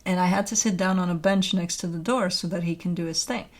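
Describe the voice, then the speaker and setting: A woman's voice: on the low side, steady tone, fast talker. A woman host chatting casually and talking baby talk to her pets, with frequent laughter and a doting manner. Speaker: tarot reader host. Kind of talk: casual chat.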